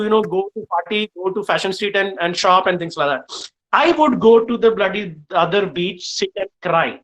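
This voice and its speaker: Animated Indian man telling kitchen stories. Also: sits high, low-quality recording. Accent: Indian English. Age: middle-aged. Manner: animated, frequent uh fillers, lively storytelling. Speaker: guest chef speaking to students. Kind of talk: storytelling in a live online session.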